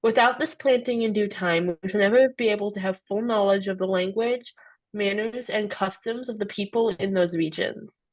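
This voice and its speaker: A woman student reading an old historical passage aloud for a class, steady and careful. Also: medium pitch, moderate pace, poor audio.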